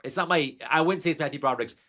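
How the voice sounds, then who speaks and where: A man's voice: on the high side, racing, pushed and bright. A man hosting a podcast, talking through a favorite film in a casual, enthusiastic and rambling way, with fillers and restarts. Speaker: podcast host.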